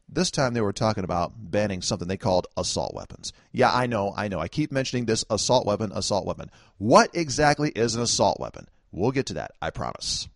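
A man spins a first-person story in a wry, conversational monologue, tossing in chuckling asides. His voice sits a little low yet swings widely in pitch. The sound is dry and close, with no room around it. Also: no room sound. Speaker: political commentator.

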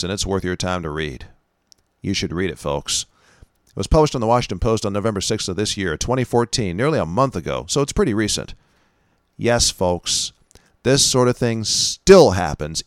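A man with a low voice reads an article aloud, his pitch rising and falling a lot. He addresses his listeners directly with emphatic, sarcastic asides. The recording is dry and close, with no room sound. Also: no room sound. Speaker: commentary show host. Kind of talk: reading an article aloud, then commentary.

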